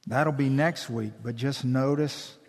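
A man preaching a sermon as pastor, slow and emphatic, building intensity. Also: mid-range voice, gravelly. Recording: long hall reverb.

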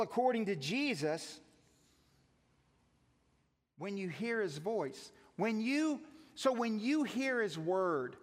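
A man, a pastor, preaching a sermon, putting many questions to his listeners and moving between raised emphasis and soft asides. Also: sits high. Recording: long reverb of a large hall.

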